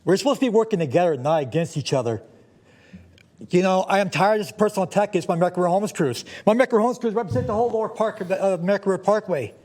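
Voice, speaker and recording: A man giving an agitated, rambling public comment at a county board meeting, swinging from muttering to shouting. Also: high-pitched, expressive, racing.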